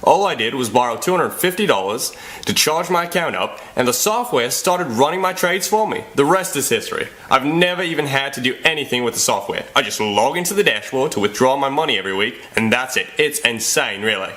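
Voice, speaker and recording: A man's voice: medium pitch, expressive, fairly quick, pushed and bright. A man with an Australian accent giving a chummy, laughing testimonial over a video call. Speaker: testimonial caller.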